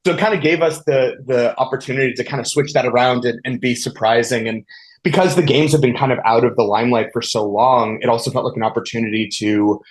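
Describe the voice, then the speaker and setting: A man's voice: medium pitch, steady tone, quick pace, low-quality recording. Enthusiastic man in a rambling interview. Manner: enthusiastic, rambling with many restarts. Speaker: TV showrunner. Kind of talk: casual interview answers.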